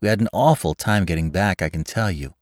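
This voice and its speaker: A man's voice: deep voice, brisk, no room sound, studio quality, close to an everyday voice. A man reading aloud, voicing a chatty, gossipy young woman in a period story. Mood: excited.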